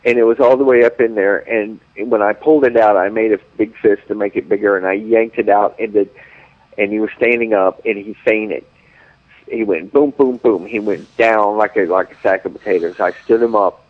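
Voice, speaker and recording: A man's voice: on the low side, fairly even intonation, normal speed, narrow, tinny audio. A man telling blunt, graphic stories on a radio talk show. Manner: blunt, graphic, unashamed storytelling.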